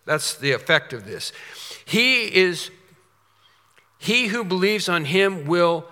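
A man's voice: on the high side, unhurried, sharp tone. A man preaching a sermon as pastor, emphatic, with rhetorical questions and repeated phrases. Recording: long reverb of a large hall.

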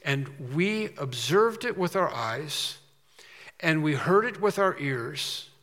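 Guy preaching a bible passage, bright ringing voice, big echoey church hall, lots of quick asides n restarts. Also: on the high side, lively intonation. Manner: reads scripture with rising emphasis, explains with quick asides and restarts. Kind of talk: expository sermon, reading scripture aloud.

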